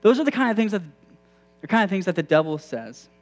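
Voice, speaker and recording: A man's voice: high voice, very animated, quick pace. A male preacher giving a sermon in a conversational way, often asking his listeners questions. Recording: long hall reverb.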